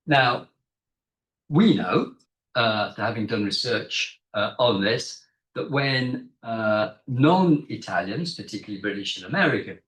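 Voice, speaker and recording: A man's voice: lowish voice, lively intonation, unhurried, fairly bright tone. A man giving an academic seminar talk as a guest lecturer, explaining in a conversational way with frequent hesitations, recorded in a seminar room. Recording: echoey room.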